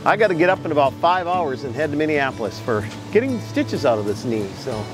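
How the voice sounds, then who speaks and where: A man hosting a casual vlog about his cleaning work, upbeat and quick to laugh. His voice sits fairly high and swings around with lively energy, and music plays clearly behind him. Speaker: host and carpet cleaner.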